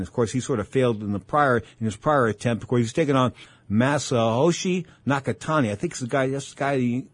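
A man's voice: mid-range voice, husky, dry recording. A man hosting a boxing talk show, rambling in casual commentary and repeating himself as he tells fight stories. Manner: rambling, repeats himself, acts out old exchanges.

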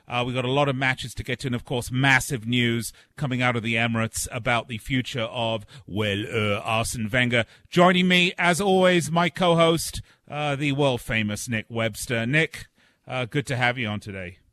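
A man's voice: medium pitch, moderate pace, no room sound. A man hosting a sports talk radio show, chatty and hyped, with frequent "uh"s. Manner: lively, hyped plugs with filler "uh"s.

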